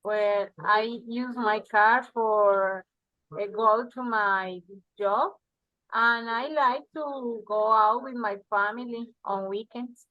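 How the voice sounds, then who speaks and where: A woman's voice: fairly high pitch, takes it slowly, highs cut off. A woman trainee practicing a call center role-play on a video call, hesitant and full of fillers.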